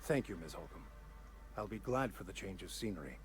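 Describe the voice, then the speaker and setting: A reserved vicar in a sci-fi video game. His low voice is formal and measured, and it climbs and falls in lively swings. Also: faint music behind. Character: reserved male vicar joining a ship crew.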